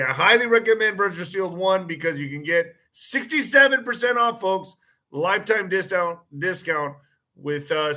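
Male host, bright and slightly high voice, rambling monologue with repeated words and pointed questions. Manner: repeats phrases, frequent restarts and fillers; poses claims as pointed questions. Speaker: online show host. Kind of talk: casual monologue commentary.

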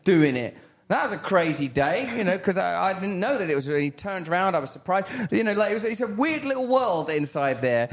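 A man from England, chatting as a guest in a relaxed, rambling, reflective way with many fillers. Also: high-pitched, a little fast. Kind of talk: casual interview chat.

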